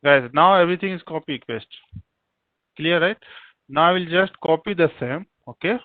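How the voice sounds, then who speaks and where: A man's voice: on the high side, normal speed, no room sound. A male programming instructor, leading a live online coding class. He repeats himself, spells words out letter by letter and keeps pressing the class to respond. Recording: dry, tinny phone-like line.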